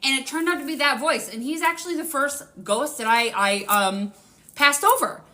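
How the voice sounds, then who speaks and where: A woman's voice: high voice, expressive, normal speed, bright, forceful tone. A woman hosting a live spiritual reading, rambling and swearing casually with lots of fillers. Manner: rambling, profane, full of fillers.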